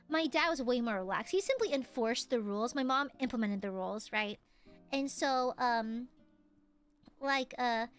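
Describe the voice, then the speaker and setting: Young woman streamer, high bright voice, chatty, rambling, quick to laugh. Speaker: VTuber streamer. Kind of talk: casual chat.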